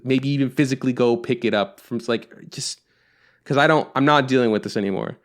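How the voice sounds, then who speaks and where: A man's voice: mid-range voice, a little fast. A man co-hosting a podcast, telling a story in casual chat, acting out both sides of a phone call and swearing often. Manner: frequent swearing, exasperated. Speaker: podcast co-host.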